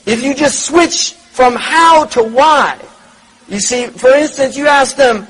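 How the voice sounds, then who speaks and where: A man's voice: very high-pitched, slow, a bit bright, breathy edge, poor audio. A man giving a religious lecture, reflective, repeating words and asking rhetorical questions. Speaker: Islamic lecturer.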